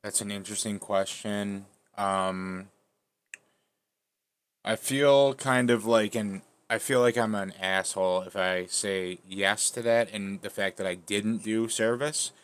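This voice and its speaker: A man's voice: lowish voice, fairly even intonation, a little slow, smooth. A man hosting a casual stream discussion who speaks in a thoughtful, hedging way. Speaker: stream host. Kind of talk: casual debate chat.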